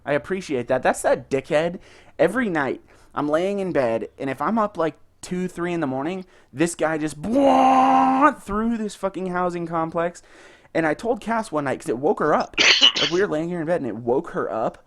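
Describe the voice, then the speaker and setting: A young man co-hosting a podcast, telling stories in a casual, excited and profane way. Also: a little high, fairly quick. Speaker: podcast co-host. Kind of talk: casual chat.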